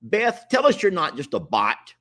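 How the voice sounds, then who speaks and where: A man's voice: fairly high pitch, huge pitch swings, moderate pace, sharp tone. A man casually hosting a livestream, chatting and pleading with viewers to join. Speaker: livestream host.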